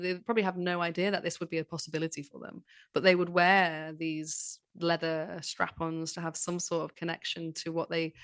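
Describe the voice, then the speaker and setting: A woman's voice: on the low side, no room sound, studio quality. A woman with a Manchester accent, chatting enthusiastically as a podcast guest about history. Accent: Northern English, Manchester. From Manchester, England. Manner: enthusiastic, animated storyteller. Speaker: guest author. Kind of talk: casual podcast chat.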